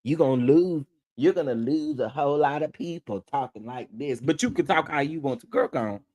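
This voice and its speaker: A man hosting a livestream, ranting casually in a sassy, animated way and laughing often. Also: on the high side, a little fast, muffled recording. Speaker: livestream host.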